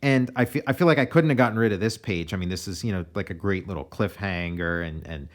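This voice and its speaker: An American comic artist giving a relaxed, meandering commentary on his own pages, often restarting his sentences. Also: sits low, fast talker. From United States.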